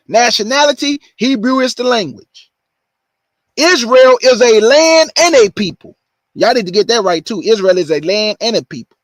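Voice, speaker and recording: High-voiced man preaching emphatically. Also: fairly bright tone, dry recording. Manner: emphatic, repeats points slowly for stress. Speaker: show host. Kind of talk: preaching monologue.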